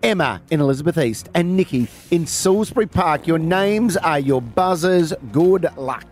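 A man's voice: a little high, expressive, moderate pace, darkish tone, faint music behind. An Australian man co-hosting breakfast radio, cheery and easygoing as he runs a quiz. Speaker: radio co-host.

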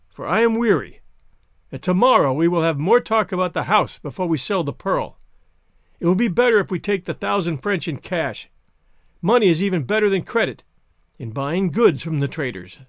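A man's voice: high-pitched, lively intonation, moderate pace, no room sound, studio quality. A man voicing an elderly mother returned from the sea, speaking in a weary, plaintive tone in a storybook reading. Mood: complacent. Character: frightened old woman ghost-mother, plaintive.

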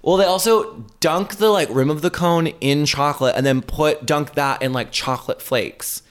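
A man telling a travel story in casual, gossipy chat, animated and full of profanity. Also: on the high side, normal speed. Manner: animated, profane storyteller, calls friend bitch and girl.

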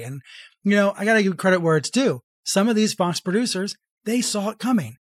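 A man who is an author and journalist, explaining in a measured, clear way as a podcast guest. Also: sits high, lively intonation, no echo, clean studio sound. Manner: measured, explanatory, reads quotes aloud. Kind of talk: conversational interview.

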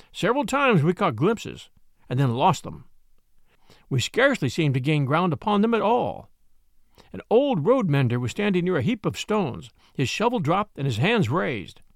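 A man narrating a classic novel in an expressive, measured storytelling manner. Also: a little high, creaky, dry recording, studio quality. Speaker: audiobook narrator.

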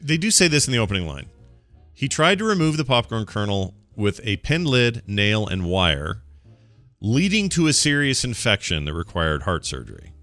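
A man's voice: fairly low pitch, big pitch swings, normal speed, fairly bright tone, dry recording, soft background music. A man co-hosting a casual podcast, reading offbeat news stories aloud in a laid-back way with small stumbles. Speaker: podcast co-host.

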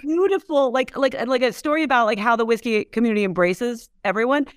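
A woman's voice: on the high side, a little fast, smooth, no room sound, clean studio sound. A woman guest telling stories in a casual interview, chatty and laughing often. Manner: chatty, lots of filler words, laughs while telling stories. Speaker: interview guest, whiskey brand founder.

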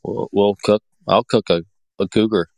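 A man's voice: lowish voice, fairly even intonation, normal speed, a little mellow, no room sound. A man from the Pacific Northwest chatting casually as a podcast guest, rambling with lots of fillers and restarts. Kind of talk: casual chat.

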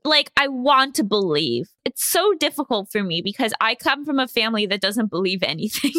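A woman with a bright, lively, swooping voice co-hosts a casual podcast, reacting quickly and laughing. Her tone is animated and the room is dry and close. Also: on the high side, dry recording. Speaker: podcast co-host. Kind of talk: casual chat.

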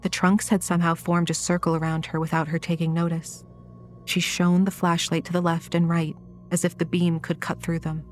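A woman narrates a horror story in a low, steady voice that stays measured and even throughout. Soft music runs faintly beneath her reading. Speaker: audiobook narrator.

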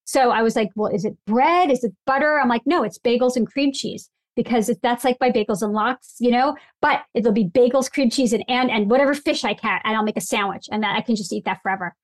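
A woman in casual interview chat, telling food stories with emphatic, animated delivery. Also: a little high, brisk, hardly any pauses, dry recording. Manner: emphatic, animated storyteller, laughs often. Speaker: guest.

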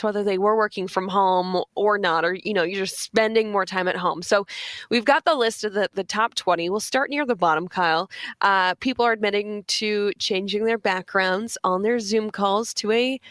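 A woman co-hosting a radio show in casual chat, reading out a list with quick asides. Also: medium pitch, fairly bright tone, dry recording. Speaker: radio co-host.

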